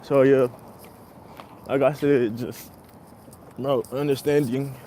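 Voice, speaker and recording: A man's voice: mid-range voice, fairly even intonation, slow pace, mellow, slight background noise. A young man talking casually and at length as a podcast host, laid-back and slangy, laughing often as he talks. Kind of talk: casual monologue.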